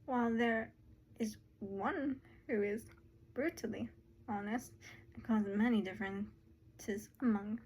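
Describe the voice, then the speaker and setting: A woman voicing a stately female academy headmistress, with a put-on British-adjacent accent, speaking in a measured, formal way. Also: mid-range voice, a little mellow, slightly rough. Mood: gracious.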